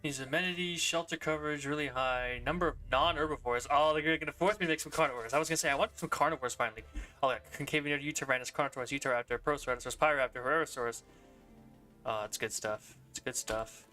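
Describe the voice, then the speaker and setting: A man's voice: on the high side, rapid-fire, bright, forceful tone, soft background music. A young man streaming a video game, chatting casually and rambling, often laughing. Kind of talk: casual gameplay commentary.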